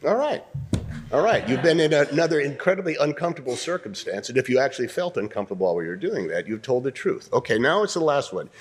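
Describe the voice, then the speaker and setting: An older man teaching an acting workshop, coaching students through scenes in an animated way and often clearing his throat. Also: medium pitch, fast talker.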